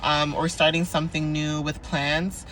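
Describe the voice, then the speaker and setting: A woman's voice: sits low, level tone, measured pace, fairly bright tone, slight background noise. A young woman giving a casual spiritual card reading in a chatty, playful, sassy way, laughing often. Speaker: oracle card reader.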